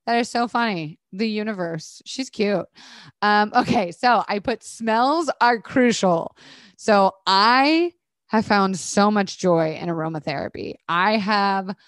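A woman's voice: mid-range voice, takes it slowly, no room sound. A young woman hosting a casual solo podcast, chatty and bubbly, swearing freely as she rambles. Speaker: podcast host.

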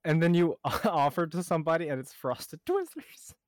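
A man co-hosting a podcast in casual chat, joking with dark humor and laughing a lot. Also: a little high, sing-song, moderate pace, clear, resonant tone, no echo, studio quality. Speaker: podcast co-host.

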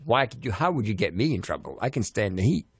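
A man's voice: on the low side, very animated, fast, slightly rough, dry recording, studio quality. A man co-hosting a talk show, prim and earnest, refusing to play along with the jokes. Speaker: co-host. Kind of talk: casual comedic banter.

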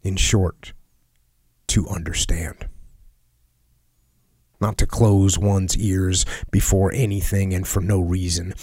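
A man reading a personal letter aloud in a solemn, earnest and measured way, sometimes dropping to a hush. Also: deep voice, level tone, breathy edge, dry recording, clean studio sound. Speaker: reader of a letter.

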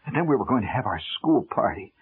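A man telling a humorous first-person story on the radio, wry and animated, swinging from loud to hushed. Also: fairly low pitch, quick pace, breathy edge. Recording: tinny old radio broadcast with music.

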